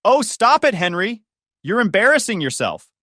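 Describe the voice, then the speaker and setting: A man voicing a cold, condescending older grandmother in a spoken story, light and sweet but sharp. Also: mid-range voice, animated, fairly quick, no echo, studio quality, natural voice. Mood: scolding.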